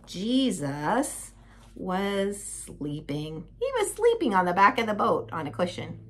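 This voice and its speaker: A woman telling a Bible story to young children in an animated, sing-song manner, like a children's Bible teacher. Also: mid-range voice, fast, a little hiss or hum.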